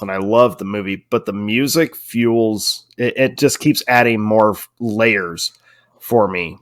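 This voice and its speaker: A man's voice: lowish voice, a bit bright, no room sound, studio quality. A man co-hosting a podcast in casual chat, teasing his co-host and speaking earnestly about what matters to him. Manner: teasing, then earnest and reflective.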